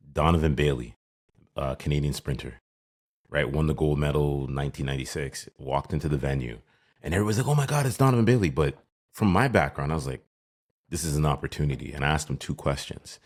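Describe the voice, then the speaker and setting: Very deep-voiced male podcast host. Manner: encouraging, affirming, asks long questions. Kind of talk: casual interview talk.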